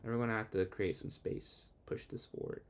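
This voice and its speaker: A man's voice: fairly low pitch, vocal fry. A young man streaming chess, casually talking through his moves and answering chat as he plays. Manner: thinks aloud, quick asides to chat; excitable outbursts when the game turns. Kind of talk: casual live game commentary.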